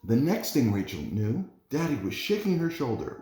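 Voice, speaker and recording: A man, a parent, reading a children's storybook aloud in an expressive, animated way. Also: medium pitch, normal speed. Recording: roomy echo.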